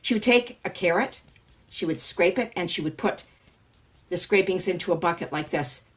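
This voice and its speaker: A woman from California telling a story to a live audience, animated and sing-song, inviting listeners to join in. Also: on the low side, normal speed. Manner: animated, sing-song, repeats sound words. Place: storytelling festival workshop.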